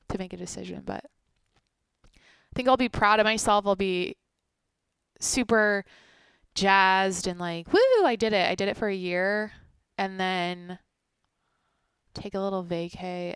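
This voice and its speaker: Young female solo podcaster, sleepy and rambly, profane, gravelly tone, dry close mic. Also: medium pitch, dry recording. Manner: rambling, profane, swings between loud bursts and near-whispers. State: sleepy, tired. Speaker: podcast host. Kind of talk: solo daily podcast monologue.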